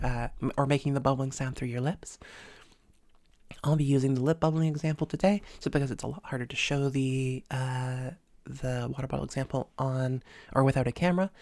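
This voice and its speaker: A woman coaching voice exercises in a relaxed, hesitant way with many fillers. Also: a bass voice, no room sound. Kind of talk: instructional voice lesson. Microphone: close microphone.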